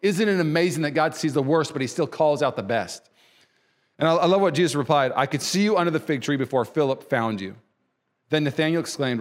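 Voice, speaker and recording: A man preaching a sermon as pastor, conversational and animated, repeating phrases and voicing quoted people. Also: brisk, in a large hall. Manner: voices quoted people with pitch jumps.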